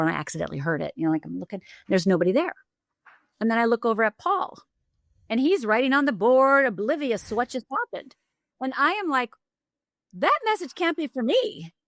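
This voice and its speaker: A middle-aged woman, a life coach guest on a podcast, telling her story with lively energy. She jumps into the voices of the people she quotes and speeds up in excited bursts. Her voice sits at an ordinary pitch and is recorded close and dry. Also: no echo. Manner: acts out quoted voices, fast bursts with restarts. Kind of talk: animated storytelling.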